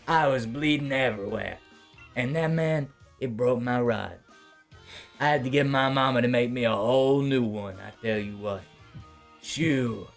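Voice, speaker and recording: A man's voice: mid-range voice, measured pace, creaky, faint music behind. A man voicing a boastful male bayou fisherman druid, telling a tale in a folksy drawl. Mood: boastful storytelling.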